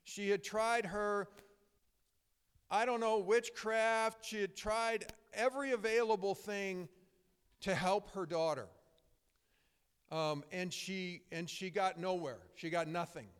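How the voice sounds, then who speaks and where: Man, middle-aged, pastor, high voice, crisp tone, long hall reverb. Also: slow. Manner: conversational, emphatic, storytelling with frequent restarts. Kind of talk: sermon.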